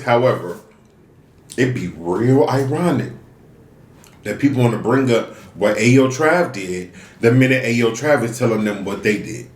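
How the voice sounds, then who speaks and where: Venting man in an echoey room. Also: medium pitch. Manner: venting, rhetorical questions to the audience. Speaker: mukbang vlogger. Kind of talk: casual chat to viewers while eating. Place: room, eating on camera.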